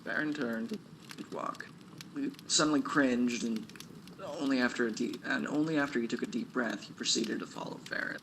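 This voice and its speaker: A man reads his own novel aloud on a stream, his voice slightly gravelly and grainy. He chuckles at his own lines and stops to comment on them. A constant hiss of background noise runs behind him. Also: medium pitch, moderate pace, a bit bright, rough recording.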